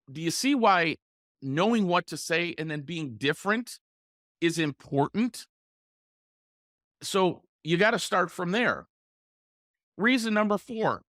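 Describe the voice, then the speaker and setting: A male podcast host who coaches his listeners and breaks into short role-played sales calls, using deliberate pauses and changes in inflection. His voice sits fairly high for a man. The sound is dry and close, with no room echo. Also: a bit bright. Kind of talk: solo podcast coaching talk.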